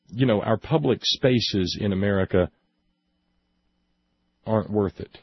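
A man's voice: on the low side, a little slow, long pauses, breathy edge, no room sound, dull audio. A man delivering a sarcastic commentary monologue, mocking and indignant in turns, with hesitant restarts as he reads from a report. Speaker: political commentary host.

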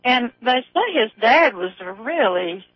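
A woman calls in to a radio show on a dull, dry phone line. She speaks very slowly in an easy drawl and breaks into laughter often. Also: fairly high pitch, very animated, no echo. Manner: slow, drawling, laughs a lot. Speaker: caller. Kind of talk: call-in radio chat.

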